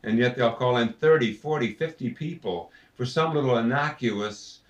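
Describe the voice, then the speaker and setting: Man, voice actor, animated storyteller, roomy room, mic at a distance. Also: mid-range voice, normal speed, lo-fi sound. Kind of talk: interview anecdotes.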